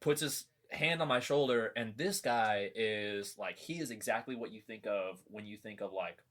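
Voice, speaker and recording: A man's voice: lowish voice, moderate pace. A young man, a podcast guest, telling a long story in casual chat, rambling with lots of fillers and swearing. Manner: rambling, profane, many fillers.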